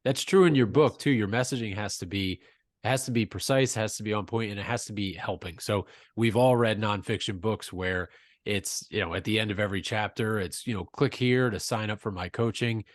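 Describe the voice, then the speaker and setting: A man's voice: lowish voice, brisk, no echo. A man hosting an interview, speaking in an agreeable, thoughtful way. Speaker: interview host. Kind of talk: casual interview chat.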